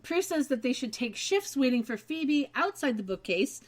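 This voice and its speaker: A woman's voice: high-pitched, big pitch swings, moderate pace. A woman co-hosting a casual podcast, recapping an episode with wry, sarcastic asides. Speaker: podcast co-host.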